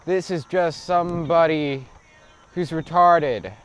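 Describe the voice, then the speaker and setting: A man's voice: a little high, slow, a little hiss or hum. A man rambling to himself in a profane, absurd stream of thought while cycling outdoors on city streets. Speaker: vlogger.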